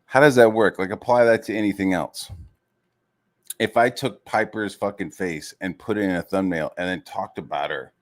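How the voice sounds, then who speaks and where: Streamer, male, deeper voice, heated swearing rant, mocks others. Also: moderate pace. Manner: heated, swears constantly, full of fillers. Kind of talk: profane rant.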